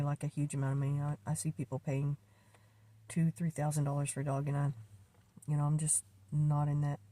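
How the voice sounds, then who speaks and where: An older woman talking in a personal vlog, halting and emotional, with many fillers and restarts. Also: low-pitched, dark tone, no echo. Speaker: vlogger.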